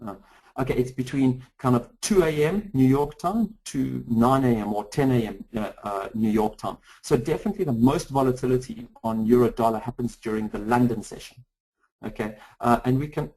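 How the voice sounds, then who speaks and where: A man walks through charts in a live trading webinar, talking fast and stumbling through restarts and fillers. His voice sits at an ordinary middle pitch. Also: darkish tone, husky, rough recording. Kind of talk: live webinar screen-share walkthrough.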